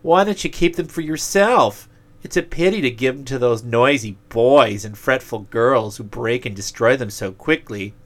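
A man voicing a sulking, scheming male demon of selfishness in a storybook reading, with a high, slow, whining delivery. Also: a bit bright, natural voice. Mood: tempting.

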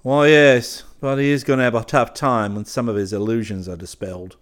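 A man's voice: mid-range voice, steady tone, brisk, close to an everyday voice. A man reading an audiobook, voicing a dry, laconic young male artist in short, terse replies.

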